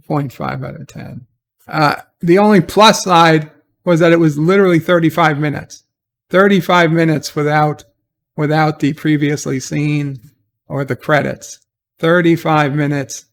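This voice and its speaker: A man's voice: fairly high pitch, gravelly. A man giving a rambling, exasperated spoken review of a TV episode, often restarting his sentences. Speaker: TV show reviewer.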